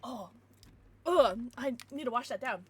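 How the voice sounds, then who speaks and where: Young woman streamer, giggly chatty talk to chat, high voice, very lively pitch. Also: unhurried, breathy edge. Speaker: livestreamer. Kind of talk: casual livestream chat.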